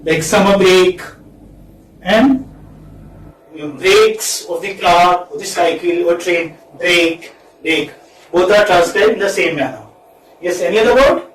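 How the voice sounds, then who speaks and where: A man with an Indian accent teaching a phonetics class, repeating each word slowly and checking in with a questioning "hmm?". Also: sits high. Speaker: English literature lecturer. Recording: echoey room, distant mic, faint hiss.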